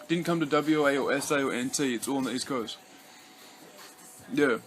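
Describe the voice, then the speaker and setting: A man's voice: medium pitch, normal speed, fairly bright tone. Rambling, swearing Australian guy. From Western Australia. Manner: rambling, heavy swearing, many restarts and fillers. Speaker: vlogger. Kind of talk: casual rambling vlog chat.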